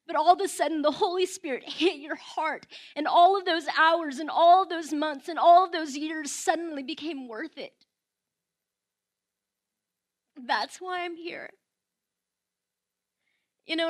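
A woman's voice: high-pitched, measured pace. A young woman giving a heartfelt personal sermon at a prayer house, candid and emotional, telling stories conversationally.

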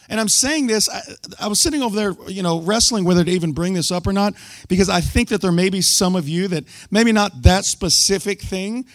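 A man giving a sermon testimony to a church group, telling his story with loud bursts and sudden hushed asides. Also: high-pitched, no echo, studio quality.

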